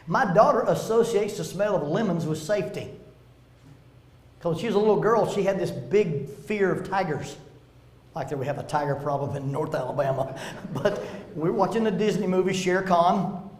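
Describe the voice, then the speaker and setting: A fairly high-voiced man speaks at a church seminar, mixing teaching with humorous stories and little acted-out quotes. The sound is roomy, picked up in an echoing church space. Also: normal speed. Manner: animated storytelling with humor, acting out quotes. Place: church meeting room.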